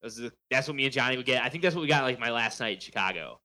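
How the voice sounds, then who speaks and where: Bright, upbeat young man. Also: mid-range voice, animated, racing, poor audio. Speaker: podcast co-host. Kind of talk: casual chat.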